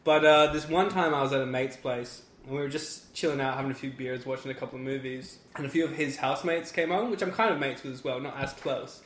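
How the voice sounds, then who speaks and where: A man's voice: medium pitch, quick pace, few pauses, fairly bright tone, slight background noise. A young man telling a story in casual chat, laughing and swearing casually. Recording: echoey room.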